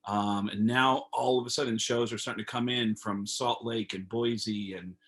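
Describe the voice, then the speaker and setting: A man, a comedian guest on a video call, telling stories in a casual, animated way and acting out phone calls. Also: on the low side, normal speed, slightly rough. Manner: animated storyteller, acts out phone calls in raised voices.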